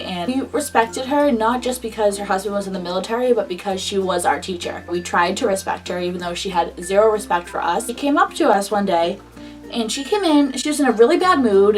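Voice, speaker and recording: A woman's voice: mid-range voice, distant mic. Fired-up young woman telling a story. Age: early 20s. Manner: animated, indignant, swears freely. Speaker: vlogger. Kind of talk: casual storytime.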